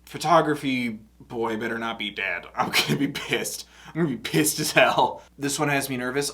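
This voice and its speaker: Man, casual reaction commentary, excitable, self-mocking, frequent laughs, mid-pitched voice. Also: moderate pace, few pauses. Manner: shifts between soft reflective talk and loud outbursts. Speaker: music reaction host.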